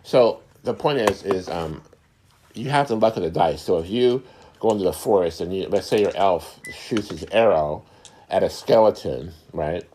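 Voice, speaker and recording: A middle-aged man hosting a casual talk, explaining things in an unhurried way, often searching for words and repeating himself. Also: low-pitched, expressive, a little mellow, slight background noise. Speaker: host.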